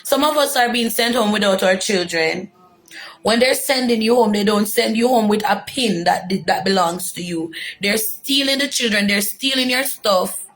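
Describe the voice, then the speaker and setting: Young Jamaican woman with a gravelly voice, earnest and emotional first-hand testimony. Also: mid-range voice, normal speed, fairly bright tone. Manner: earnest, emotional, repeats for emphasis. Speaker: former detainee telling her story. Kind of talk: personal testimony.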